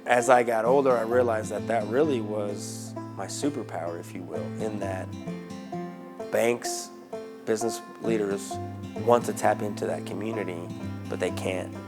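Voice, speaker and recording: Low-voiced man with an Arkansas accent. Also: moderate pace, vocal fry. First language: Spanish. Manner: animated, conversational, asks "right?" often. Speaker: interviewee. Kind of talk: personal storytelling in an interview. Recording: music playing underneath.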